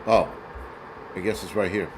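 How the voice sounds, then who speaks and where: A man's voice: deep voice, fairly even intonation, normal speed, background noise. A man hosting casual film commentary who rambles, curses freely and searches for details aloud.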